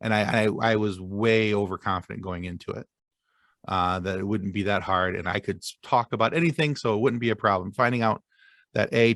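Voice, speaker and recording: A man talks on a podcast as a guest, pausing and restarting as he pokes fun at himself. His voice is low and gravelly with lots of fry, in a dry, close recording. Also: a bit bright, no echo. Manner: halting, many fillers and restarts, self-deprecating. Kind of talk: casual podcast chat.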